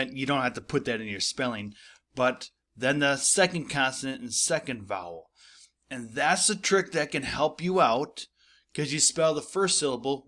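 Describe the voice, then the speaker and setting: A man's voice: medium pitch, a bit bright. Patient male teacher explaining spelling. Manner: patient, repeats points and checks in with "right?". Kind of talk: recorded classroom spelling lesson.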